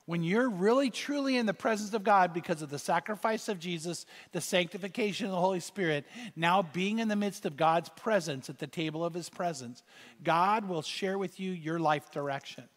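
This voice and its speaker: A man preaching a sermon as pastor, telling stories with animated, rising exclamations. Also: high voice, moderate pace. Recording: reverberant hall sound.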